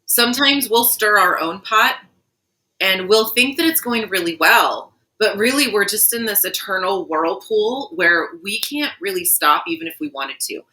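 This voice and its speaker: A woman's voice: mid-range voice, lively intonation, moderate pace, bright, forceful tone, low-quality recording. A woman co-hosting a podcast, talking earnestly in a casual spiritual chat and telling a vivid story. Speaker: podcast co-host.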